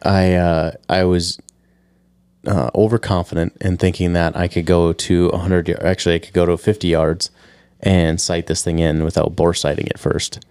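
A man's voice: low-pitched, level tone, normal speed, darkish tone, smooth, no room sound. A man co-hosting a casual podcast who chimes in with wry quips. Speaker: podcast co-host. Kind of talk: casual chat.

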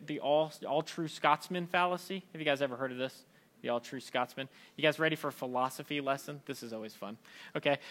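Male pastor, 30s, casual animated preaching, high bright voice, slips into quoted voices. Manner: conversational, animated, acts out voices of people he quotes. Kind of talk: sermon.

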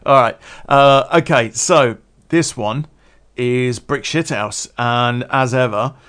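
A man's voice: mid-range voice, takes it slowly, a bit bright, smooth. A man hosting a solo podcast, rambling in casual chat, chuckling often and swearing freely. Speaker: podcast host.

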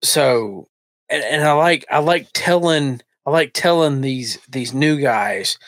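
A man's voice: medium pitch, slow pace, a bit bright, no room sound. A man co-hosting a podcast, telling a work story in a rambling, profane way with many restarts. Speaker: podcast co-host. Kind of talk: casual podcast chat.

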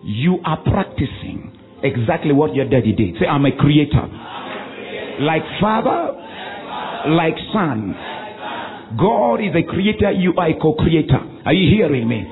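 A man preaches with call-and-response commands, his voice leaping high and dropping low. The sound is thin and phone-like, with faint music underneath. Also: very animated, some chatter behind. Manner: commanding call-and-response preaching, swinging between shouts and low drawn-out lines. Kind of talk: sermon.

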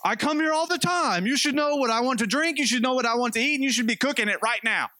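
A man putting on a shrill entitled diner lady. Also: quick pace, sharp tone, no room sound, clean studio sound. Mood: indignant. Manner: indignant, shrill complaining. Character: entitled demanding female restaurant customer.

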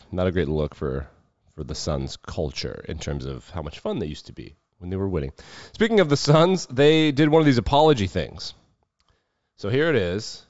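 A man's voice: deep voice, darkish tone, no room sound, muffled recording. A man hosting a sports show, riffing off the cuff on games and clips with a wry, sardonic edge. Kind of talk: casual sports commentary.

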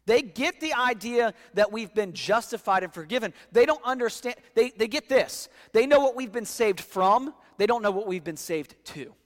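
A man's voice: sits high, big-room sound. A man preaching a sermon as pastor, emphatic, often repeating words as he reads scripture aloud.

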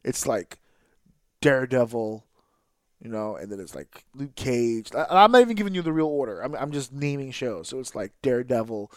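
A man hosting a podcast, ranting with exasperation and heavy swearing, now and then mimicking others in a flat, deflated tone. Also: medium pitch, normal speed, no echo, studio quality. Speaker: podcast host. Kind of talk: profane ranting podcast monologue.

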